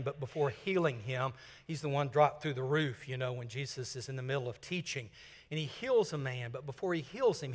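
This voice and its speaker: An older man from Mississippi, preaching a sermon and swinging from loud emphasis to hushed, whispered lines. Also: fairly high pitch, in a large hall. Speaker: senior minister.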